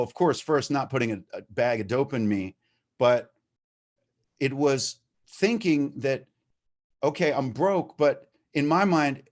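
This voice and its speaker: Man, recovery-meeting speaker on a video call; candid, animated, casual swearing. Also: mid-range voice. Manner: animated, swears freely, gets worked up. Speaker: recovering addict sharing at a meeting. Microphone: video-call microphone.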